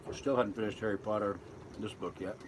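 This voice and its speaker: A man's voice: fairly low pitch, steady tone, quick pace, a little hiss or hum. A man reading out viewers' comments and chatting loosely on a live stream from inside his boat, rambling and correcting himself as he goes. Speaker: vlogger reading live chat. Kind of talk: casual live-stream chat.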